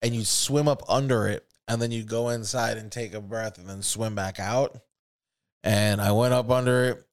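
A man's voice: fairly low pitch, moderate pace. Profane young man telling stories. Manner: profane, animated storytelling. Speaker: podcast co-host. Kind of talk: casual chat.

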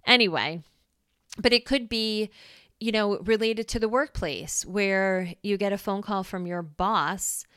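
A woman's voice: medium pitch, fairly bright tone, smooth, no echo, studio quality. A woman hosting a casual solo podcast, explaining ideas in a chatty way and often checking in with the listener. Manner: chatty, checks in with "right?", acts out quick voices. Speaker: podcast host.

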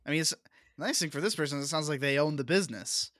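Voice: mid-range voice, racing, a bit bright, dry recording, studio quality. A podcast co-host chatting casually, making wry jokes and laughing along. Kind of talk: casual chat.

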